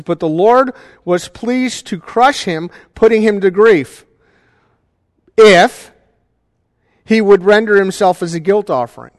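A man's voice: high voice, long reverb tail. A male pastor preaching a sermon in a conversational way, often checking in with his congregation.

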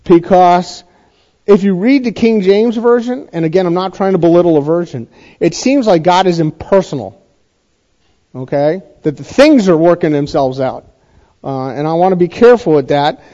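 A man's voice: high voice, lively intonation, moderate pace, dark tone. A man teaching a Bible passage to a congregation in a conversational sermon style, often checking in with his listeners and repeating points for emphasis. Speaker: pastor teaching a Bible study. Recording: dull lo-fi recording.

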